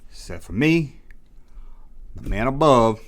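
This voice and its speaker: A man's voice: mid-range voice, expressive, slow. Rambling middle-aged man telling a story. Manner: rambling, self-mocking confessional tone. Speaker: toy collecting vlogger. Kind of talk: casual storytelling monologue.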